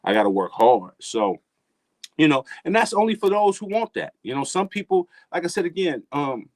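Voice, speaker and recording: Man, middle-aged, guest, casual motivational talk, emphatic, repetitive, slangy, fairly high pitch. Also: big pitch swings, normal speed, no echo. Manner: emphatic, preachy, repeats phrases for effect; street slang mixed with earnest advice.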